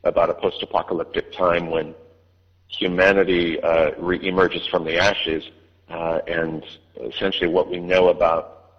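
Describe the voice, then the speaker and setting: Speaking slightly slowly in a low, level, somewhat rough voice, a male audiobook narrator responds to interview questions with plenty of hesitation, fillers, and restarts. The recording is a dull line with long reverb.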